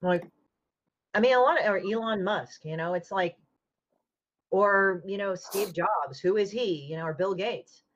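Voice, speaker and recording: A woman comic artist in casual podcast chat, talking bluntly and swearing freely as she retells a falling-out with lively energy. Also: medium pitch, a little slow. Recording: dull lo-fi audio.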